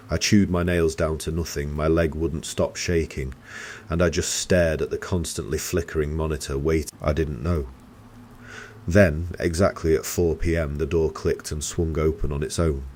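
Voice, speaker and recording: A man narrating a first-person horror story in a steady, tense storytelling manner. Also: a bass voice, a little hiss or hum.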